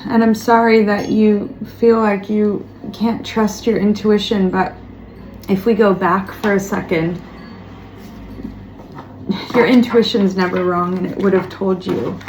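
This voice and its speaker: A woman giving a tarot reading straight to the viewer, talking gently and reassuringly and repeating words for emphasis. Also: mid-range voice, steady tone, a little slow. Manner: speaks of spiritual guidance. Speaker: tarot reader. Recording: roomy echo, faint background noise.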